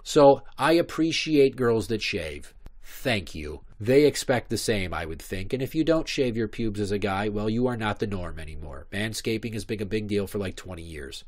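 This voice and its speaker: A man's voice: on the low side, lively intonation, moderate pace, a little mellow. A man in his thirties hosting a podcast, telling stories in a rambling, profane comic monologue. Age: 30s. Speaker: podcast host.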